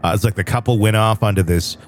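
A man hosting a podcast, his voice on the low side, hesitant as he thinks aloud. Faint music sits under him. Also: fast talker. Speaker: podcast host. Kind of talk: casual chat.

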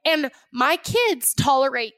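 A woman co-hosting a casual podcast, her voice sitting high and swooping all over as she tells stories. She laughs often and acts out little voices. The sound is dry and close, with no room around it. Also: expressive, slow pace, fairly bright tone, no echo. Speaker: podcast co-host. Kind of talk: casual chat.

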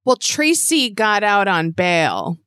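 A woman's voice: medium pitch, big pitch swings, slow, a bit bright, clean tone, no room sound, clean studio sound. Wry woman cracking jokes on a podcast. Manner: wry, joking asides with laughter. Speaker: podcast co-host. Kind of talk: casual chat recapping a movie.

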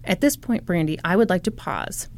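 A woman's voice: lowish voice, animated, normal speed, a little mellow. A woman co-hosting a podcast, telling a true-crime story casually with sarcastic, laughing asides and swearing.

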